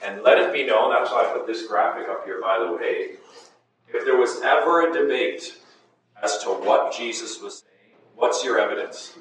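A man's voice: medium pitch, normal speed, a bit bright. A man leads a Bible class with emphatic, questioning delivery. He sounds distant in an echoey room, with a faint hiss behind him. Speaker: Bible study teacher. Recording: echoey room, far from mic, faint noise.

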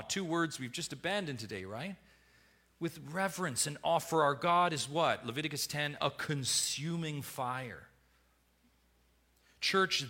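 A man preaching a sermon as pastor, emphatic, swinging between hushed lines and loud ones. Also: on the high side.

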